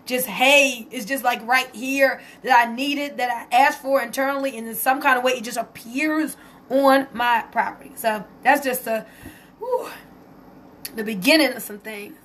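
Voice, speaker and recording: A woman hosting a casual live stream, excited and emotional as she talks to viewers and reads their comments aloud. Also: fairly high pitch, moderate pace, slight background noise. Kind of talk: casual Facebook Live testimony.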